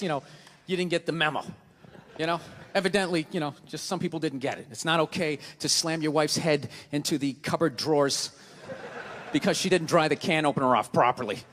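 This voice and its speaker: A man's voice: on the high side, fairly bright tone, a little hiss or hum. A man with a Boston accent performing a stand-up comedy set, ranting and swearing as he acts out voices. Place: theater stage before a live audience. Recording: live theater with long reverb, faint ambience.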